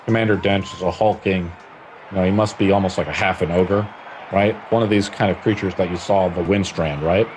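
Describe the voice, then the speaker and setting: Deep-voiced rambling game master. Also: male voice, fairly even intonation, brisk, darkish tone, slight background noise. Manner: rambling, lots of "like" and "you know". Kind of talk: narrating a tabletop game.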